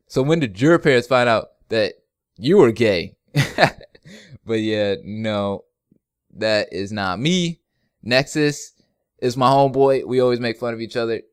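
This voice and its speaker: A young man chats through fan questions in a loose, joking way, laughing often as he goes. His voice sounds smooth and clear, recorded close with a dry, dead sound. He rambles easily from one answer to the next. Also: medium pitch, dry recording. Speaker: YouTube gaming channel host. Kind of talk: casual Q&A vlog.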